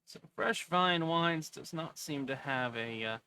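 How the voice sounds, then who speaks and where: A man's voice: a little high, animated, a little slow, sharp tone, clear, resonant tone, no room sound. A man hosting a casual stock video, chatting and reading a filing aloud with jokes. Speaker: host.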